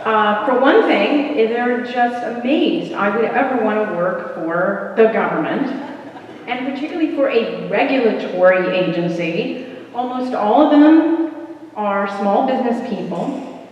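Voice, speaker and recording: A woman's voice: fairly high pitch, animated, a little hiss or hum. Woman speaking in a big echoey church hall. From American South, North Carolina. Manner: measured, deliberate, with emphatic pauses. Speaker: panel speaker. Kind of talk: prepared talk at a church program. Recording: dull echoey hall recording from far off.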